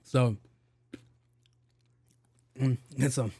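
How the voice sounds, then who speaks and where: A man's voice: medium pitch, steady tone, extremely slow, gravelly, dark tone, slightly rough, no room sound. A man hosting his own podcast, talking in a rambling, casual way, swearing freely and stumbling over tongue twisters. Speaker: podcast host. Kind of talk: casual solo podcast chat.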